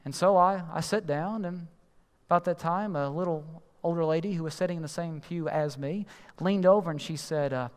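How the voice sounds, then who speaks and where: A man doing storytelling stand-up, animated and exasperated as he acts out the people in the story. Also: fairly high pitch, normal speed, clear, resonant tone, in a large hall.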